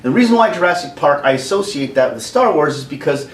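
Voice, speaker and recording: A man in his forties on a casual rant, his pitch swinging up and down a lot as he laughs and acts things out. His voice sits a bit high for a man, and it sounds roomy and away from the mic. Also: fast talker, far from the mic, a little hiss or hum. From Canada. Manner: animated, laughs often, acts out quotes. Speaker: vlogger.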